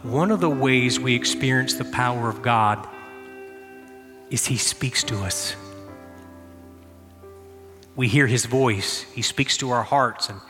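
A middle-aged man pastor preaching a sermon, telling a lively personal story with shouted bursts and then easing into quiet prayer. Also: medium pitch, takes it slowly, pauses often. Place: church sanctuary. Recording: long hall reverb with faint music.

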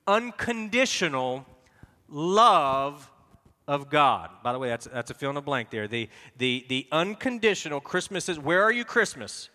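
A man's voice: a little high, sharp tone. A man preaching a sermon as pastor, emphatic and repeating words as he goes, leading the congregation in reading aloud. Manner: repeats words while searching for them. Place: large church hall with long reverb. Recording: reverberant church hall.

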